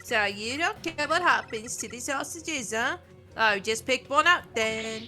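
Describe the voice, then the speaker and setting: A woman's voice: on the high side, expressive, measured pace, sharp tone, faint music behind, heavily acted. A woman doing a gloating hostage-taking villainess. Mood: menacing. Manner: gloating, mocking.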